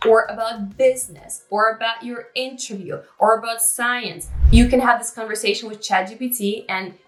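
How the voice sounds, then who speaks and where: A woman's voice: a little high, steady tone, normal speed. A woman explaining language-learning tips step by step to camera. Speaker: English learning vlogger. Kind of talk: tutorial talk to camera. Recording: roomy echo with faint music.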